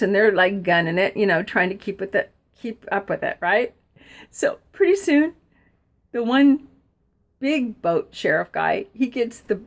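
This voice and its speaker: A middle-aged woman telling a personal story to camera, excitable and laughing through her words as she quotes the people involved. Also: fairly high pitch. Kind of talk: animated storytelling.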